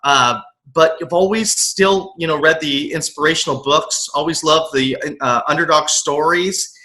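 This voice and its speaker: A middle-aged man from the US West Coast, a motivational coach, telling his life story in a casual interview, earnest and animated, often restarting and repeating words. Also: fairly high pitch, measured pace. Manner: earnest, animated, acts out his own past thoughts. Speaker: motivational coach, podcast guest.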